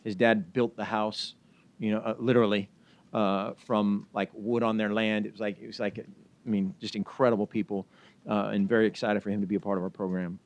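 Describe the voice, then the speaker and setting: A man's voice: lowish voice, little pitch movement, brisk. A man speaking as a head football coach at a press conference, talking informally and upbeat while heaping praise on recruits.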